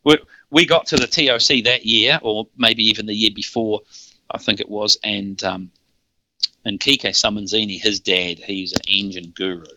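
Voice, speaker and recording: Bright-voiced New Zealand man. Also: fairly low pitch, steady tone, normal speed, no room sound, rough recording. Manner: rambling, laughing, frequent restarts. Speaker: podcast guest. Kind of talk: casual storytelling.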